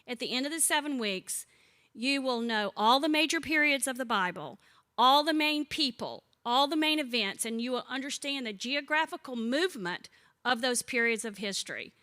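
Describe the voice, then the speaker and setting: A woman in her sixties leads a Bible study, her voice bright and forward and set fairly high. She teaches in a chatty way, telling funny stories and putting questions to the group. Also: expressive, normal speed. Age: 60s. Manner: chatty, warm-humored storyteller who asks the group questions. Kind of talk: conversational teaching with humorous stories.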